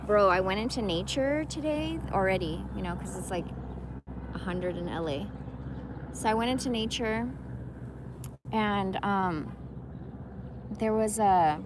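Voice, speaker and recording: A woman's voice: mid-range voice, expressive, unhurried, long pauses, noisy background. A woman in her forties chatting casually to her phone camera outdoors, rambling and slangy, profane, saying bro a lot. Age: 40s. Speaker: vlogger. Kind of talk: casual vlog chat. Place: outdoors in a park.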